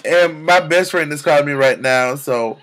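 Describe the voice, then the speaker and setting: A young man vlogging about faith, exclaiming and repeating words in bursts of excitement, talking into a camera. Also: fairly high pitch, normal speed. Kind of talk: excited spiritual vlog testimony.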